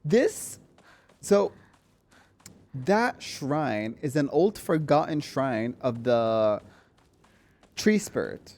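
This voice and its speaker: A man streaming a horror game, chatting excitedly with viewers, swearing and laughing as he plays. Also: medium pitch, drawn-out words, pauses often. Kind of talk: casual gameplay commentary.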